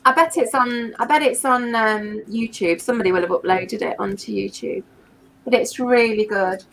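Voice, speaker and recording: A middle-aged British woman chatting casually as host, enthusiastic and quick to laugh. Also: a little high, gravelly, a little hiss or hum, poor audio. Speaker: livestream host. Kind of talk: casual chat.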